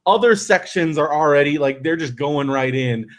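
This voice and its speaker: A podcast host with a slightly high voice tells a long story at a moderate pace in a casual, animated way. He acts out the people he quotes and uses plenty of fillers and restarts.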